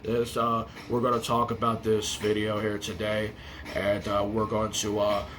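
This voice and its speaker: A man mimicking a dull male YouTuber in a low, flat monotone that keeps trailing off into filler sounds. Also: unhurried, a little hiss or hum. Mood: mocking drone. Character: droning, dull-voiced male YouTuber, mocked.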